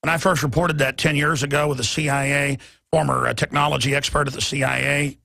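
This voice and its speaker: Ranting radio host guy, gravelly and bright, kinda husky, super dry sound. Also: on the high side, level tone, brisk, dry recording. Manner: ranting, emphatic, swings loud and soft. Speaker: radio talk show host. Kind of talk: heated radio monologue. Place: radio studio.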